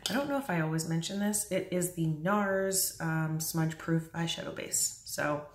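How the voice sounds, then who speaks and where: A young woman chatting casually through an early-morning makeup tutorial at home, speaking softly at times. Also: low voice, normal speed. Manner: chatty, self-deprecating, talks quietly at times. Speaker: makeup vlogger. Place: home bathroom or bedroom at a mirror. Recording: echoey room, voice from a distance.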